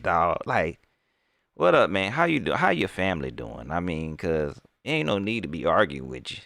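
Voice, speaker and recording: Lively, slangy man hosting a live stream. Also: fairly low pitch, normal speed, creaky, dry recording, studio quality. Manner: loose, slangy, rambling, lively. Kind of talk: casual live-stream chat giving shout-outs.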